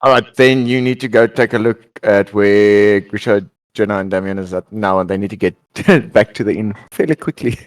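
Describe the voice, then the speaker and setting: A man's voice: lowish voice, normal speed. A man running a tabletop game over a voice call, chatting casually and teasing his players, with frequent restarts.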